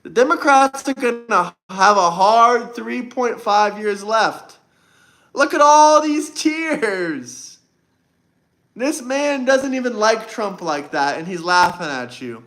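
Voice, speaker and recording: A man with a high-pitched voice hosts a political livestream. His tone is bright and forceful, and he talks in a combative, boastful way, repeating lines to hammer them home. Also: lively intonation, a little slow, hardly any pauses. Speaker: livestream host. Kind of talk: political livestream debate talk.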